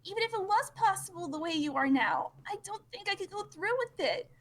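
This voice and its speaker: A woman playing a gentle, coaxing girl. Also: very high voice, lively intonation, a little fast. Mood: soothing. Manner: soothing, shushing, earnest. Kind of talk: reading a webcomic aloud with voices. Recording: long hall reverb.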